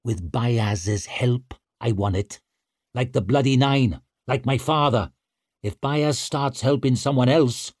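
A sour old chieftain mutters grimly, low and hushed, weary of the young, as a man puts him on. The storybook recording is dry and close. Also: unhurried, slightly rough, dry recording. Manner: sour, grim, low and quiet. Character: sour, grim aging male chieftain.

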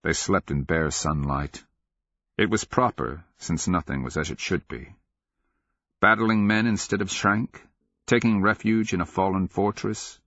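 A man narrating a fantasy audiobook in a measured, grave, steady reading, in a dry and slightly dull studio recording. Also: low voice, dry recording. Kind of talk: scripted narration.

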